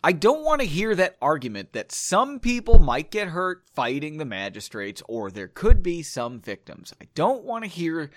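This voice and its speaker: A man voicing an upset male adventurer who yells his complaints during a story reading. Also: on the high side, sing-song, moderate pace, hardly any pauses, no echo, clean studio sound. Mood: angry. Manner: shouting accusations.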